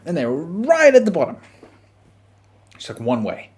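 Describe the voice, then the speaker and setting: A man's voice: fairly high pitch, huge pitch swings, a little slow, a little mellow, husky. A man, hosting a podcast and telling a story casually, acting out his own reactions and quotes. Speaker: podcast host.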